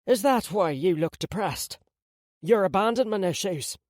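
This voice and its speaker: A man voicing a sharp-tongued, wry and bossy old grandmother in an audiobook. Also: high-pitched, expressive, a little slow, no room sound, clean studio sound, pitched above the performer's own voice. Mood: blunt.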